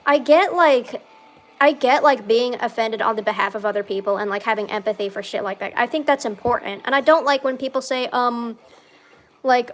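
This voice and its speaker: A young woman chatting casually over gameplay, rambling with lots of "like" and swearing freely, with loud outbursts when the game goes wrong. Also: a little high, steady tone, moderate pace. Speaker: gaming streamer.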